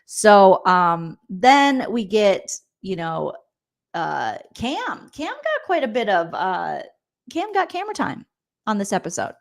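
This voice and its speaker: A woman in her forties hosting a casual comedic recap of a reality show, reading viewer comments and making quick, joking asides. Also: medium pitch, sing-song, vocal fry. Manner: chatty, jokey, quick asides and mock voices.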